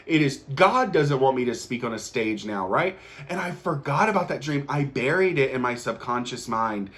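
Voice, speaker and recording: A man's voice: medium pitch, lively intonation, normal speed, fairly bright tone. A man hosting his own show, delivering an earnest motivational monologue to the viewer, repeating encouragements and often restarting his sentences as he gets emotional. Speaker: host.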